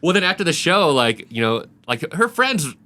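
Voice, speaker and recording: A man, a comedian guesting on a podcast, telling road stories in a lively, profane, laughing way. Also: on the high side, moderate pace. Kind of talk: casual storytelling chat.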